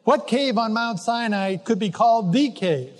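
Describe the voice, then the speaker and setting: A man preaching a sermon, earnest and gently exhorting his listeners. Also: high-pitched, animated, moderate pace, in a large hall. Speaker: pastor.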